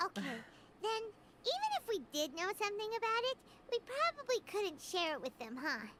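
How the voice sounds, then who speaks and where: A woman voicing a small, chatty, excitable female fairy companion in a video game. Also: moderate pace, noisy background. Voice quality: high squeaky voice.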